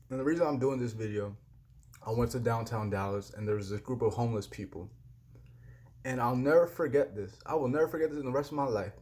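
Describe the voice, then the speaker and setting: A man's voice: mid-range voice, warm tone. A young man giving a frustrated personal rant in a vlog, heated and repetitive, swearing freely. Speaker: vlogger.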